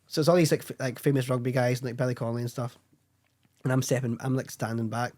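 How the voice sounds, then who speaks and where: A young Scottish man rattles off anecdotes at a fast clip, swearing freely and breaking into laughs. His voice sits in a middle register. He sounds like a guest on a casual podcast chat. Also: mid-range voice, flat delivery, darkish tone. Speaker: guest filmmaker.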